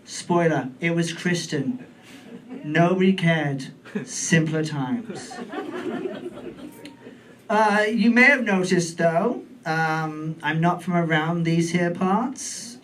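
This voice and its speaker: A British man in his forties performing a stand-up comedy set on a club stage, camp and playful with deadpan asides. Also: on the high side, takes it slowly. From United Kingdom. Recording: distant mic in comedy club, faint room noise.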